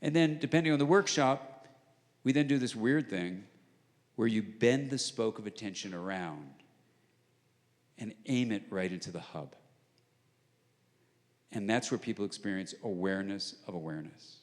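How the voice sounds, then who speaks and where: A man giving a public lecture, explaining ideas in a conversational way and acting out bits of dialogue, sometimes dropping to a hush. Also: fairly low pitch, moderate pace, long pauses. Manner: conversational, acts out dialogue, drops to hushed tones for emphasis. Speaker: guest lecturer. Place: large arts center auditorium. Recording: long reverb of a large hall. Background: live audience.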